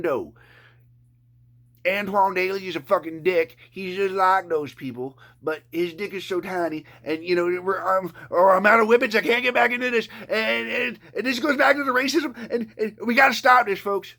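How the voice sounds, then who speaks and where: A man from Canada rants straight to camera in a rambling, foul-mouthed way, often stammering and restarting his sentences. His voice sits a bit high for a man and sounds bright and forceful. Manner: profane, rambling, stammering rant. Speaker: vlogger.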